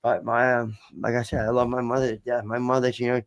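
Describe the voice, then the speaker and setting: A man's voice: medium pitch, little pitch movement, fast, clear, resonant tone. A man with a Boston accent telling his story as a podcast guest, candid and rambling, swearing and repeating himself. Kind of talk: casual storytelling.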